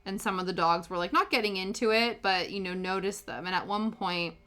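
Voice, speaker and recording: A woman's voice: mid-range voice, a little fast, sharp tone. A woman in her thirties chatting casually while painting her nails, rambling with lots of fillers. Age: 30s. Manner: rambling, filler-heavy storytelling. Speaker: nail-painting vlogger.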